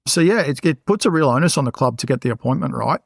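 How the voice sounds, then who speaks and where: A man co-hosting a football podcast, measured and steady, citing stats. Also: medium pitch, gravelly, no room sound, clean studio sound. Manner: measured, steady, cites figures. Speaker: podcast co-host. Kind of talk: casual football chat.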